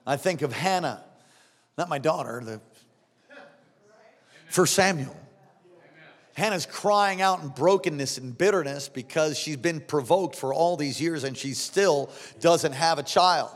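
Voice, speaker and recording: A man preaching a sermon as pastor, fervent and exhorting, rising to shouts at times. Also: a little high, unhurried, long pauses, big-room sound.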